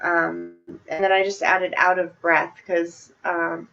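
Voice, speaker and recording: A woman taking part in a group call, speaking softly and hesitantly. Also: lowish voice, little pitch movement, takes it slowly, gravelly, lo-fi sound. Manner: soft-spoken, hesitant. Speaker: workshop participant.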